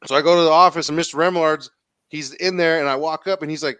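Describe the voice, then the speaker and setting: A man's voice: fairly high pitch, fast, a bit bright, clear, resonant tone, no echo. A man in his thirties with a Southern Californian accent telling a story as a podcast host, casual and profane, acting out the people he quotes.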